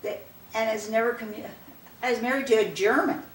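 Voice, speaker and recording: A woman's voice: fairly high pitch, fairly even intonation, fairly quick. Older woman recalling a story. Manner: rambling, repeats "I said" and "she said" often. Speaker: interviewee. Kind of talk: casual storytelling. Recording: roomy and distant with faint background noise.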